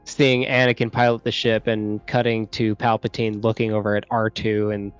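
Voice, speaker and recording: Male podcast guest, low voice, dry, dull lo-fi sound, casual chat. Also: flat delivery, moderate pace, smooth, no echo, soft background music.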